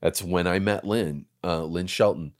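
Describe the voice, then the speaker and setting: A man in his fifties, an actor guest on a podcast, telling stories in relaxed chat and swearing freely. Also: low voice, unhurried. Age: 50s. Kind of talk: casual interview chat.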